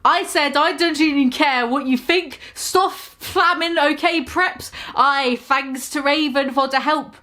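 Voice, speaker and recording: A woman voicing a bratty, defensive teenage goth girl author, whiny and drawn-out, with high pitch. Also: bright, forceful tone. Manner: whiny, drawn-out, breaking into giggles.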